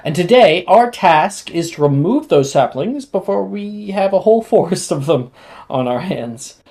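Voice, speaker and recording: A game master voicing a kind, slightly nervous male herbology professor, explaining in a gentle teacherly way. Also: mid-range voice, animated, measured pace, pitched above the performer's own voice.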